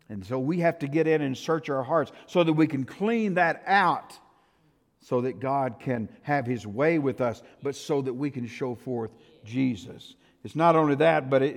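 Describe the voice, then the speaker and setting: A male pastor preaching a storytelling sermon, swinging from loud outbursts to hushed tones. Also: a little high. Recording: reverberant hall.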